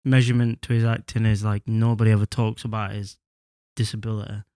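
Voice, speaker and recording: A man's voice: lowish voice, little pitch movement, fast, mellow, smooth, dry recording, clean studio sound. Slangy young-sounding man chatting. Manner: loose, slangy, swears. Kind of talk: casual chat.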